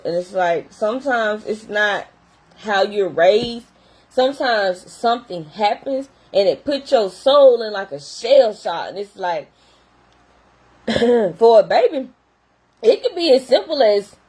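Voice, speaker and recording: Husky woman chatting to camera. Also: medium pitch, poor audio. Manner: animated, colloquial, talks straight to viewers. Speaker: behavior therapist vlogger. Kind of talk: casual talk to camera.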